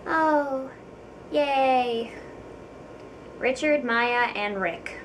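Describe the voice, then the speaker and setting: Giggly young woman vlogger, slightly high. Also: very slow, far from the mic, a little hiss or hum, poor audio. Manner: chatty, giggly and self-deprecating, with frequent ums. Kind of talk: casual chat to camera.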